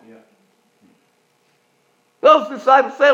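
A male pastor preaching a sermon, swinging from soft, low passages up to loud, high-pitched climaxes. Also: animated, measured pace. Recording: dull lo-fi recording.

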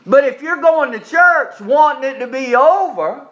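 A man delivers a homespun sermon, joking with his listeners and then leaning hard on slow, repeated points. His voice sits high for a man. The recording is dull and lo-fi. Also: lively intonation, fairly bright tone. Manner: folksy, joking preaching with emphatic slowed repetitions. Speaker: pastor.

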